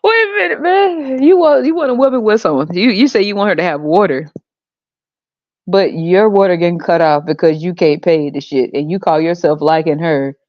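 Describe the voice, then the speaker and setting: A woman's voice: lowish voice, fairly quick, dry recording, muffled recording. A woman hosting a podcast, ranting bluntly and profanely, exasperated and often laughing. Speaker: podcast host.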